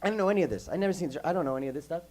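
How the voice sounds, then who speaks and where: A man's voice: fairly high pitch, very fast, darkish tone, low-quality recording. A man in his forties with a voice under the weather, telling stories at a casual workshop Q&A and wandering off on tangents. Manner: rambling, goes off on tangents. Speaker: guest musician at a workshop Q&A. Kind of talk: casual storytelling Q&A. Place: music school room with kids.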